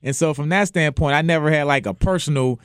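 A man from New Orleans, a former football player, talking sports in a relaxed way, often restarting his sentences. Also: on the high side, fast, clear, resonant tone, dry recording, clean studio sound. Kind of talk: casual sports chat.

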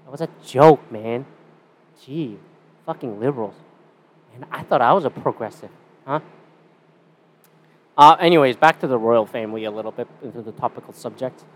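A man's voice: medium pitch, normal speed, long pauses. A young Canadian man hosting a casual solo podcast, rambling and swearing with a sarcastic edge. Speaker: podcast host.

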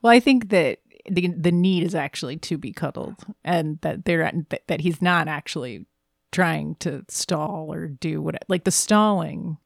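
Gravelly woman in frank casual chat. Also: low voice, unhurried, dry recording, clean studio sound. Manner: frank and emphatic, with casual swearing. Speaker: podcast co-host.

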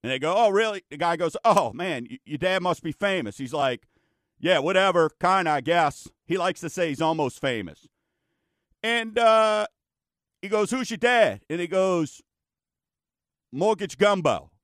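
A man's voice: high voice, lively intonation, measured pace, a bit bright, no echo, clean studio sound. A man hosting a radio show, telling stories in a chatty, folksy way. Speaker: radio show host, mortgage lender. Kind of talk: casual talk show chat.

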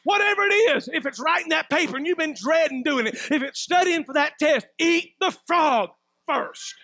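A man, preaching a sermon as pastor in a folksy, preacherly way, swinging between loud emphatic bursts and low asides. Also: fairly quick, no echo.

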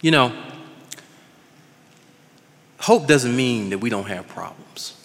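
A male pastor preaching an impassioned sermon, swinging between loud declarations and hushed passages. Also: mid-range voice, expressive, slow pace, big-room sound.

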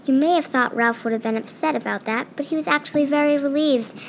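A woman reading a children's story aloud, a little halting with small slips. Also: high voice, vocal fry, a little hiss or hum, rough recording. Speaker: reader.

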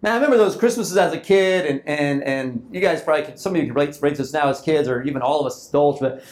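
A man's voice: a little high, very fast, a little mellow. Guy pastor giving a laid back sermon, keeps restarting his sentences and repeats himself. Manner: informal, repeats and restarts phrases, acts out quoted thoughts. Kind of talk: conversational sermon.

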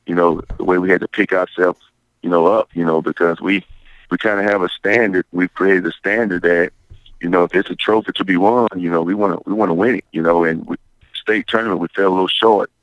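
A man, a basketball coach, talking in an interview with a raspy voice, rambling with many fillers and restarts. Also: sits low, fairly even intonation, fairly quick, no echo, muffled recording. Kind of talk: phone-in interview.

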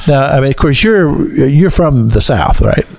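Chatty Kentucky man with lively pitch. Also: unhurried, creaky. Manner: chatty, laughs often, repeats words. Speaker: host. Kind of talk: casual interview.

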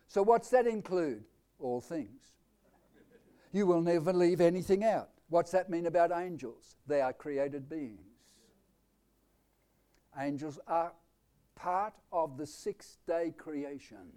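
A man with an Australian accent preaching a live sermon, quizzing his congregation with questions and swinging between loud declarations and quiet asides. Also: fairly high pitch, lively intonation, takes it slowly, pauses often, clean tone.

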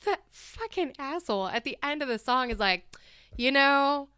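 A woman hosting a casual podcast chat, animated and swearing, acting out quotes. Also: high voice, brisk, no echo, clean studio sound. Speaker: podcast host.

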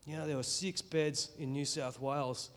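A middle-aged Australian man giving an earnest, emotional spoken testimony in church, halting and restarting as he speaks. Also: fairly high pitch, fairly even intonation, a little hiss or hum.

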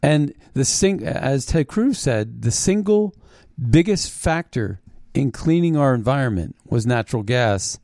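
Man, political commentary host, mocking tone, halting restarts, middle pitch, dry close sound. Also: animated, darkish tone, no echo. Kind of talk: opinionated commentary monologue.

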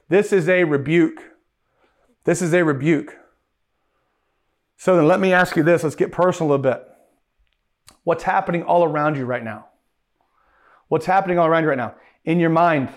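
A man preaching a sermon, emphatic, who repeats key phrases and asks rhetorical questions. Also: on the high side.

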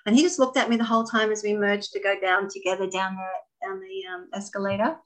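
Middle-aged woman, ex-dancer, chatty and animated, laughs a lot. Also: medium pitch, quick pace, poor audio. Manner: animated, laughs often, acts out voices in anecdotes. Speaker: interview guest, former dancer. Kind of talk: casual storytelling.

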